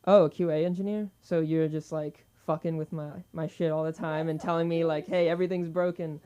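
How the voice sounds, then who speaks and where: A man from Silicon Valley doing a halting, self-deprecating stand-up set full of fillers. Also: on the high side, level tone, warm tone, smooth, highs cut off. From Silicon Valley, California. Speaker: stand-up comedian.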